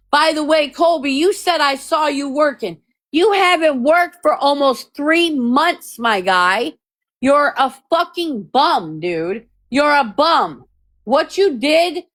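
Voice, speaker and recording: Woman, high-pitched and deliberate, heated profane callout rant straight into a phone. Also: a bit bright. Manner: profane, heated, repeats her points. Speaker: TikTok creator. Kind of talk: confrontational rant to viewers.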